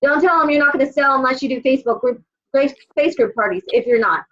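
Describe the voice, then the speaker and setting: Blunt, high-voiced woman leading a team call. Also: a little fast, a bit bright, highs cut off. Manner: blunt, swears, tough-love pep talk. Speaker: sales team leader. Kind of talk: casual motivational team call.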